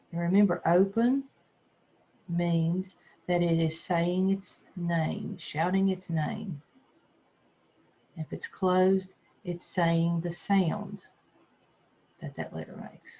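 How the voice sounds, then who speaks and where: Teacher for a phonics lesson, mid-pitched, gravelly edge, spells letters aloud patiently. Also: mellow. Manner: patient, sounds words out slowly and spells letters. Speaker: second grade teacher. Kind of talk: phonics lesson for young children.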